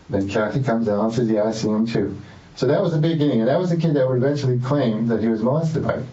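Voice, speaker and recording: Dark-voiced man rambling in an echoey room. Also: mid-range voice, lo-fi sound. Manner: rambling, repetitive, defensive. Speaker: suspect in police interrogation. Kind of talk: interrogation interview. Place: interrogation room.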